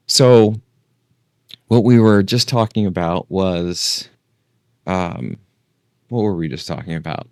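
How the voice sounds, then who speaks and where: A man hosting a casual long-form talk, meandering and thinking out loud, sometimes losing his thread. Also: low-pitched, slow pace, long pauses, no echo, studio quality. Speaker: host.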